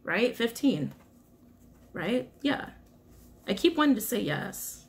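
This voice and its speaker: A woman's voice: fairly high pitch, slow pace, husky. Giggly woman giving a tarot reading. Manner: animated, giggly, swearing casually. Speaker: tarot reader. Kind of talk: casual tarot reading to camera.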